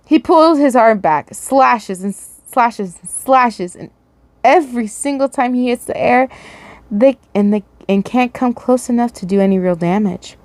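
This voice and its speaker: A woman's voice: mid-range voice, animated, a little slow, darkish tone, no echo. Woman casually reading fan fiction aloud. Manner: stumbles and restarts while reading. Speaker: fanfiction reader.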